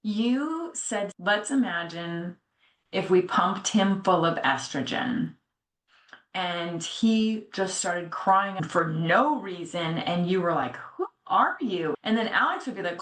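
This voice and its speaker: A middle-aged woman telling a personal story in a candid, animated way, often slipping into the voices of people she quotes. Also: on the low side, slow pace. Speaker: podcast co-host. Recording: echoey room.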